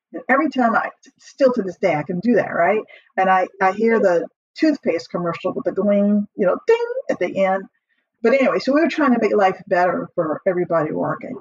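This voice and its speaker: A middle-aged woman with a husky voice, a podcast guest telling her career story in a lively way, laughing often and acting out what she said back then. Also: lowish voice, dry recording, lo-fi sound. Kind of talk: casual storytelling interview.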